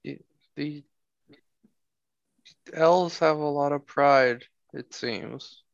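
Slow-talking man on a dull lo-fi mic. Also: fairly high pitch, gravelly, no room sound. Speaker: player. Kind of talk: casual tabletop play.

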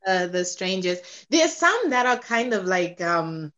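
A woman's voice: fairly low pitch, big pitch swings, unhurried, a bit bright. A young woman co-hosting a podcast, skeptical and full of fillers in casual chat. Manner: skeptical, sighing, filler-heavy. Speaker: podcast co-host. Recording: slightly muffled podcast audio.

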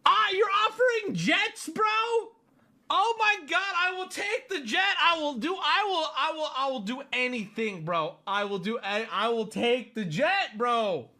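A squealing, breathless young woman gushes over an offer of a jet, voiced by a man putting her on. The voice is high and piercingly bright. Every phrase tumbles out in giddy greed. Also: lively intonation, a little slow, full character voice. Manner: shrill, gushing, breathless.

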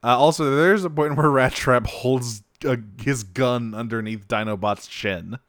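A man's voice: mid-range voice, unhurried, a bit bright, no echo, clean studio sound. A man co-hosting a podcast, recapping an episode in casual chat, swearing freely and laughing often. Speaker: podcast co-host.

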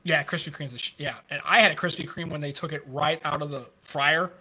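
A man in his fifties, a former cop, telling stories in casual chat, animated and swearing freely. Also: on the high side, a little fast, crowd noise. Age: 50s. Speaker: former police officer.

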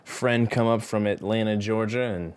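A man hosting a podcast in casual chat, rambling and relaxed, laughing often, sounding tired. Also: lowish voice, normal speed, clear, resonant tone. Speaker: podcast host.

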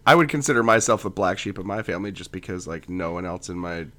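A man's voice: low voice, lively intonation, fast, a bit bright. A man co-hosting a casual comedy podcast, wry and laid-back, with a lingering cough. He also reads a poem aloud. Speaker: podcast co-host.

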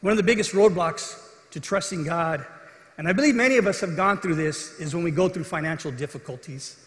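A man's voice: fairly high pitch, a little fast, a bit bright. A man preaching a sermon as pastor, earnest, acting out the voices in the scripture story. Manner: earnest preaching, acts out quoted voices with rising intensity. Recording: echoey hall.

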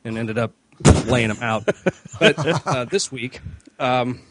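A man's voice: mid-range voice, slow pace, a bit bright, no room sound. A man on a comedy podcast, casually telling a profane anecdote and acting out quotes along the way. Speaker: regular podcast panelist.

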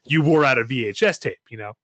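A man's voice: medium pitch, fast talker, a bit bright, no echo. A man in his thirties co-hosting a casual podcast chat, joking and rambling with many restarts. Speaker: podcast co-host.

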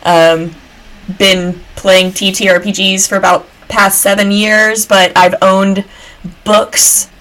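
A woman's voice: mid-range voice, level tone, slow pace, fairly bright tone, low-quality recording. A woman from Georgia, a podcast guest chatting casually with lots of fillers. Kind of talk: casual chat.

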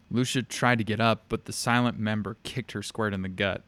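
Man reading a dark fantasy story. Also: fairly low pitch, fairly even intonation, brisk, no room sound. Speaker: narrator.

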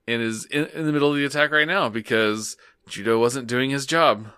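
Wry, bright-toned male podcast co-host. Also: medium pitch, brisk, clean tone, dry recording, studio quality. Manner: laid-back, wry, swears casually. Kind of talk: casual chat recapping an anime episode.

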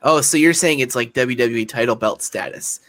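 A man's voice: medium pitch, moderate pace, heavy background noise. A man hosting a podcast, chatting casually about a reality show and often stammering and restarting his sentences.

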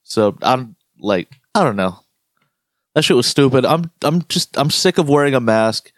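A man's voice: medium pitch, unhurried, dry recording, studio quality. Profane ranting man, casual chat. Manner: profane, ranting, animated storytelling.

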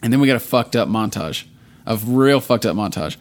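A man's voice: on the low side, expressive, fairly quick. A man casually recapping a TV episode, rambling and swearing a lot, filling his speech with "like.". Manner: profane, rambling, lots of "like". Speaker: podcast co-host.

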